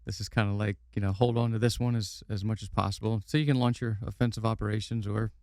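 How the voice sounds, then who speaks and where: Quick, dark-voiced man chiming in. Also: lowish voice, fairly even intonation, no room sound, studio quality. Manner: quick, offhand interjections and musings. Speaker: podcast co-host. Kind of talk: casual chat, brief reactions.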